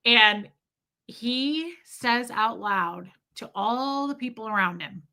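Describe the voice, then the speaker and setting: Candid, chatty woman with a bright voice. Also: fairly high pitch, expressive, slow pace. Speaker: livestream host. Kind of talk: casual storytelling to live chat.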